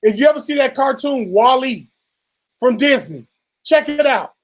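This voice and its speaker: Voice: sits high, animated, normal speed. A co-host in a casual commentary chat, swearing freely, mocking and acting out what others say, then lecturing and warning the listeners.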